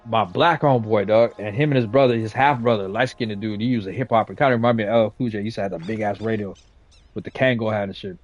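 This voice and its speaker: Forties guy, mid-pitched, casual streetwise storyteller, swears freely. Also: dry recording, muffled recording. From west side of San Jose, California. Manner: slangy, streetwise and profane, with lots of "you know what I'm saying" and "right?". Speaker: gaming streamer.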